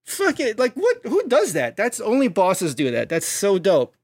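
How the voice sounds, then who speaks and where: Male podcast co-host, gravelly, animated storyteller, dry close mic. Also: high-pitched, moderate pace, no echo. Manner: hypes stories up, acts out bits in jumpy voices.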